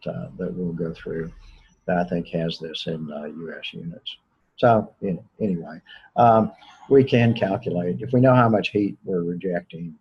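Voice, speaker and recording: A man giving a recorded engineering lecture in a relaxed, conversational way, with many fillers and restarts. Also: low-pitched, breathy edge, lo-fi sound.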